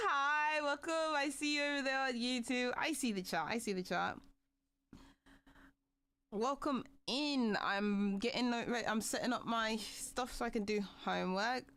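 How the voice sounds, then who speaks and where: A woman's voice: sits high, fairly bright tone, clear, resonant tone. A young woman chatting casually on a livestream, greeting viewers and asking them questions.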